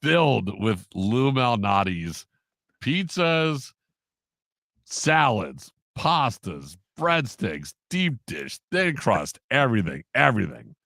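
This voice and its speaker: A man, a sports broadcaster on a podcast, telling stories in an animated way and acting out the quotes. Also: medium pitch, slow, creaky, dry recording, clean studio sound. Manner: animated storyteller, acts out quotes, laughs often. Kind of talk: casual storytelling in an interview.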